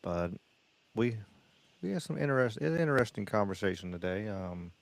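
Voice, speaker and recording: A man's voice: on the low side, sing-song, normal speed, gravelly, no room sound. A man hosting a podcast in loose, rambling casual chat. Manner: loose, rambling, many fillers. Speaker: podcast host.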